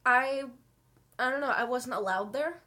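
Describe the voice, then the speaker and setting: A young woman talking to her camera in her bedroom, telling an emotional story slowly and haltingly while fighting back tears. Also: high-pitched, sharp tone. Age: young adult. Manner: halting, slow, many pauses and fillers. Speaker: vlogger.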